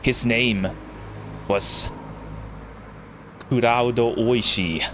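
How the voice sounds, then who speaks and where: Man doing a tired overworked guy in his late twenties, put-on thick foreign accent, lowish voice, background noise. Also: measured pace, close to an everyday voice. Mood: weary, reflective. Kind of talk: reading visual novel narration.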